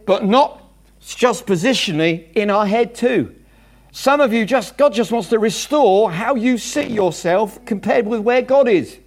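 Guy preaching a sermon, highish voice, really bouncy up and down, jokey, goes loud then hushed. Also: unhurried. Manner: animated, jokey, swings between loud bursts and hushed asides.

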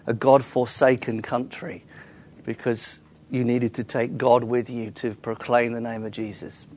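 A man's voice: medium pitch, a little mellow. A man preaching a sermon in a church, earnestly explaining scripture with frequent small restarts. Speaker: pastor.

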